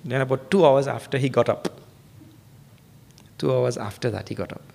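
Gravelly-voiced man giving a humorous sermon. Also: normal speed, a little mellow. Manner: humorous storytelling with acted quotes; emphatic, rising pitch for stress. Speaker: spiritual teacher.

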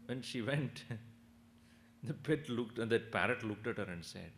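Male spiritual teacher, expressive sing-song delivery with a gravelly edge. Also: medium pitch, a little slow, slight background noise. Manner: animated, chuckling, asks the audience questions. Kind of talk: discourse with storytelling.

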